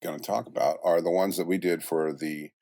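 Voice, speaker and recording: A very deep male voice in a relaxed, rambling interview, full of restarts and side remarks. He sounds middle-aged and is recorded dry and close, with no room sound around him. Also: a little fast, no echo. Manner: relaxed storyteller, many restarts and asides. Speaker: voice actor and music producer guest. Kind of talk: casual interview chat.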